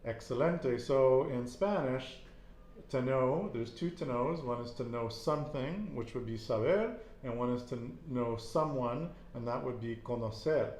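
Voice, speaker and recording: A man's voice: medium pitch, a little slow, a little mellow. Guy teaching spanish in an echoey room, repeats answers back, says excellent a lot, bit of hiss. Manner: encouraging, repeats answers and praises them. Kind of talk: casual Spanish lesson.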